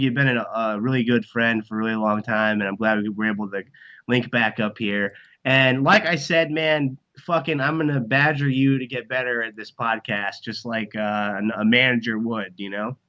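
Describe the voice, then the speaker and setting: A man's voice: medium pitch, moderate pace, sharp tone, low-quality recording. A man who is a band and comedy manager, talking bluntly and profanely as a guest in a casual podcast interview, full of motivational rambling.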